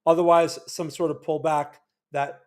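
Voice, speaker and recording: A man's voice: fairly high pitch, level tone, normal speed. New Jersey man talking through charts. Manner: loose, conversational, frequent restarts and "right?" check-ins. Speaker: market analysis livestream host. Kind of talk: casual livestream chart commentary.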